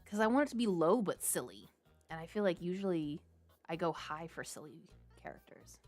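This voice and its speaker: Lively woman streaming a game. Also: fairly low pitch, a little fast, faint music behind. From Texas. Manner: jumpy, giggly, talks to chat. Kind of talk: live game commentary.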